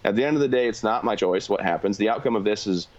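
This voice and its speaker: A man's voice: lowish voice, lo-fi sound. A man, a combat veteran guest, telling his story candidly in a plain-spoken way. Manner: fast, plain-spoken, filler-heavy.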